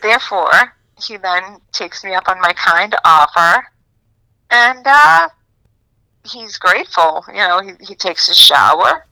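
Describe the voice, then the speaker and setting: A woman's voice: medium pitch, expressive, slow pace, gravelly, sharp tone, no echo, poor audio. A woman guesting on a podcast, playfully telling a made-up scene, acting out her own lines and giggling. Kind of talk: playful role-play storytelling.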